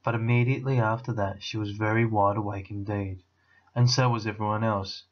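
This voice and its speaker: A man, a teacher, reading a children's novel aloud with expressive storytelling. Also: lowish voice, a little fast, dull audio.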